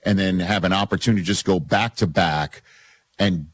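A man's voice: low-pitched, fairly quick, no echo. A man hosting a sports radio show, steering the chat with playful questions. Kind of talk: casual sports talk.

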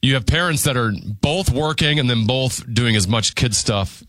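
A man co-hosting a radio show who shares his views in a measured, somewhat halting way. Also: mid-range voice, a bit bright, no room sound, studio quality. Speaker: radio co-host. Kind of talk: casual on-air banter.

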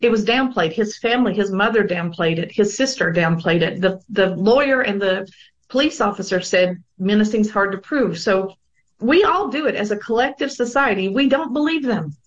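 A woman's voice: mid-range voice, expressive, moderate pace, dull audio. A woman sharing her personal experience in a panel discussion, earnest and reflective, with frequent fillers. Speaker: guest sharing her own story of abuse.

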